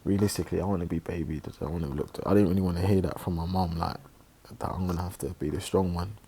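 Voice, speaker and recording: Deep gravelly man, halting storytelling. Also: fairly even intonation, mellow. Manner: halting, reflective, many pauses and restarts. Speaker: online religious presenter. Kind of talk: personal storytelling.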